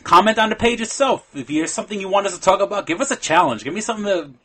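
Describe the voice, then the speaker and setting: A man's voice: high voice, animated, very fast, a crowd in the background. A man co-hosting a casual podcast, rambling through plugs and stories with many ums and restarts. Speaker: podcast co-host. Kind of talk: casual chat.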